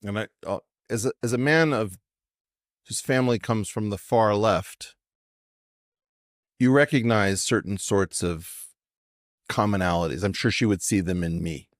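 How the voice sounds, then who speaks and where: A man's voice: lowish voice, measured pace, pauses often, no room sound, clean studio sound. A man speaking as a podcast guest in an assertive, professorial way, challenging his host with pointed questions. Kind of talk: conversational podcast discussion.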